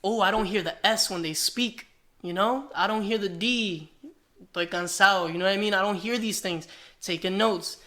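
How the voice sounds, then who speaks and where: A man with a bright, forceful voice chats on a podcast, spinning animated stories and acting out the back-and-forth he recalls. His tone stays lively and conversational. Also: sits high, moderate pace. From New Jersey, US. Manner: animated storytelling, acts out quoted exchanges. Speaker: rapper guest. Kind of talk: casual podcast chat.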